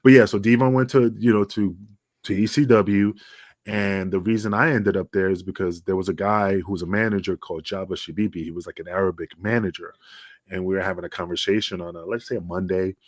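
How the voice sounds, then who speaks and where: A middle-aged man spins his stories in a fairly low voice. He jumps into the quoted lines with real energy. The sound is close and dry over a remote call. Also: fairly quick, dry recording. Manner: animated, acts out dialogue with raised voice. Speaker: wrestling podcast guest. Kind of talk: casual storytelling interview. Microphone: remote video call.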